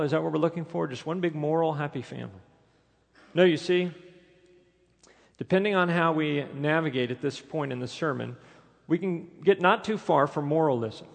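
A man's voice: fairly high pitch, gravelly. A man preaching a sermon as pastor, emphatic and full of rhetorical questions, recorded in a church sanctuary. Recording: long reverb of a large hall.

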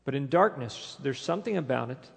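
A man's voice: medium pitch, expressive, fairly quick, vocal fry, breathy edge. A man preaching a sermon as pastor, emphatic and full of rhetorical questions, recorded in a church sanctuary. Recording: long reverb of a large hall.

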